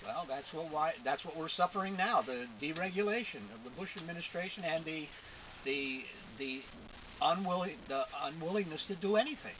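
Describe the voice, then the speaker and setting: Male co-host, blunt and emphatic, raised pitch, noisy muffled recording. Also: animated, moderate pace. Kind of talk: casual talk-show chat.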